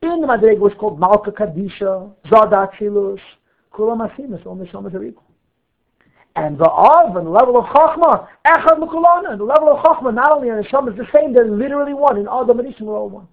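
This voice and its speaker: A man's voice: high-pitched, fast talker, creaky. A man teaching a Torah class, reading Hebrew text and explaining it line by line with questions and answers. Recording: phone-like narrow audio.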